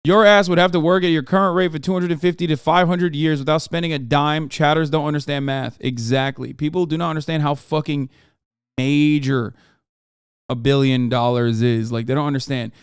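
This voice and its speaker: A man riffs in a casual, sardonic way, swearing freely and talking straight to his chat. His voice sits fairly high and sounds smooth and clear, recorded dry and close. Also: fairly even intonation, a little fast, no room sound. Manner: profane, sardonic, talks to chat. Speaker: streamer host. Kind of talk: casual reaction commentary.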